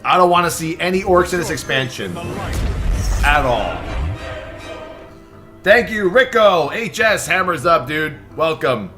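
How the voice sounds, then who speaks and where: A young man hosting a live stream, stressed and excitable, swearing and thanking subscribers in quick bursts. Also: on the high side, faint music behind. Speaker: livestream host. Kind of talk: live reaction stream chatter.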